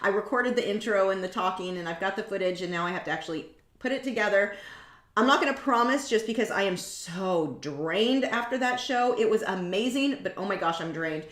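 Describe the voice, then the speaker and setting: With an animated, brisk mid-range voice, the artist hosting a live painting stream chats in a self-deprecating, rambling manner that keeps veering into tangents. Roomy echo surrounds her.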